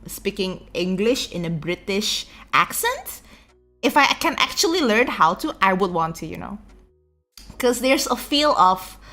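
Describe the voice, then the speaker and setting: A woman's voice: mid-range voice, sharp tone. A young woman from Indonesia with an Indonesian accent, chatting casually on a stream and greeting viewers, rambling with restarts, her throat sore and phlegmy. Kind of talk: casual chat reading out viewer messages. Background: faint background music.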